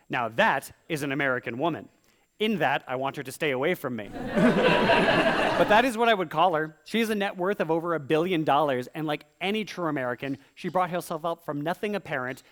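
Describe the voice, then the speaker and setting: A playful stand-up comic rhymes through a live set on stage and slips into quick voices. The pitch sits a bit above the usual and jumps about. The sound is a stage microphone. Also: male voice, fairly bright tone. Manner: playful, theatrical, quick vocal impressions. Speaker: stand-up comedian. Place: live comedy stage with audience.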